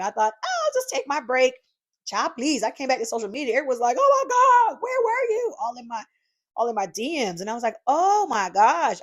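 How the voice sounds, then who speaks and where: A woman hosting her own podcast, talking solo in a lively, encouraging way from her home craft room, calling her listeners "y'all.". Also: medium pitch. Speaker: podcast host. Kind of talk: casual solo podcast monologue.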